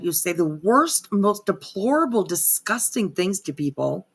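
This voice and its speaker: A woman's voice: medium pitch, very animated, measured pace, slightly rough. A woman hosting a casual live stream, rambling with lots of fillers and frequent swearing. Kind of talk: casual livestream commentary.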